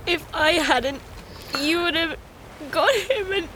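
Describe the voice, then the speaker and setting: A woman's voice: very high voice, fairly bright tone, slight background noise, voice pushed up, full character voice, poor audio. A woman putting on a guilt-stricken little child. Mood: guilty. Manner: broken, halting phrases.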